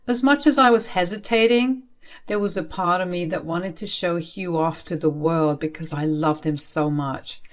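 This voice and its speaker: A young woman telling a first-person story in an emphatic, expressive way. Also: fairly low pitch, normal speed.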